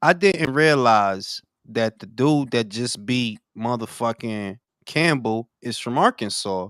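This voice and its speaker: A man's voice: medium pitch, slow, few pauses, clean tone, no echo, studio quality. A man co-hosting a boxing talk show, chatting casually and animatedly with friends, swearing and joking. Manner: animated, loud, swearing, jokey impressions. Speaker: boxing podcast co-host. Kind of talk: casual group chat.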